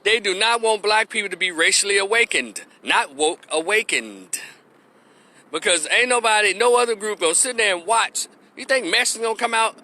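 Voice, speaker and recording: Dude ranting his opinions at the camera, swears a lot, mocks people, kinda high bright voice. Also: normal speed, slight background noise. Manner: blunt, profane and mocking, mimics people in exaggerated voices. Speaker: commentary vlogger.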